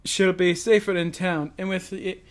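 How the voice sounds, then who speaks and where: Man, high voice, streamer, reads game dialogue, trips on names. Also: steady tone, normal speed. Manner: earnest reading with stumbles on names. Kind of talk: reading video game dialogue aloud.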